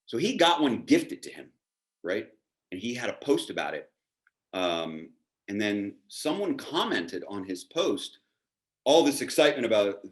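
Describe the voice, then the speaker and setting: A man telling a story as a podcast guest, animated and self-deprecating. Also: medium pitch, normal speed. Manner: animated, self-deprecating, acts out quoted dialogue. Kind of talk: casual storytelling.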